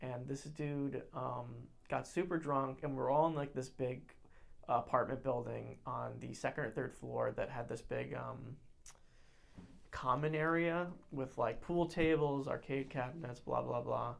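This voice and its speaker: A young woman co-hosting a podcast, telling a story in casual chat, animated and acting out other people's lines, with many fillers and restarts. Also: extremely low pitch, a little slow, creaky. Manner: animated, acts out quoted voices loudly. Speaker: podcast co-host.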